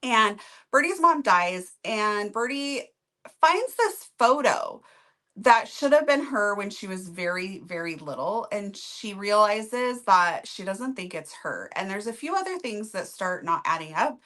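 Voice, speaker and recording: A woman with a bright voice and lively, swinging pitch chatting casually as a book review co-host. She sums up plots in an upbeat way. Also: measured pace.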